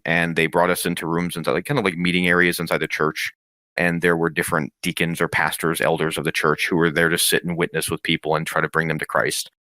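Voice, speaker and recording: A man in his thirties, an interview guest, telling a personal story in a casual, animated way. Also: sits low, no room sound, clean studio sound. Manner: lively, animated retelling with acted quotes.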